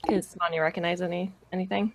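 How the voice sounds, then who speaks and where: Eager female player with a lowish voice, casual table chat. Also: little pitch movement, fast.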